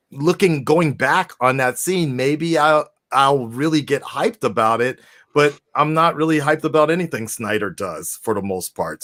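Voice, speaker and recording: A man hosting a live call-in discussion at a middle pitch. He rambles casually, swears freely and breaks into laughing asides. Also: fairly bright tone. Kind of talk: casual chat.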